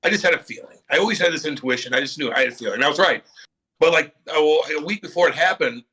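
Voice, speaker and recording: A middle-aged man with a bright, forceful voice spins animated stories in a casual podcast chat. He acts out every quote, swears freely, and keeps the tale rolling with lively energy. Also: fairly high pitch, racing, husky. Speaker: former pro hockey player, guest.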